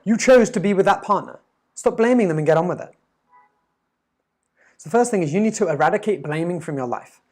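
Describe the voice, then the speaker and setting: A man giving an earnest, emphatic motivational talk as a life coach, with quick stammered restarts. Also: fairly high pitch, a little mellow. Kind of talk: motivational monologue.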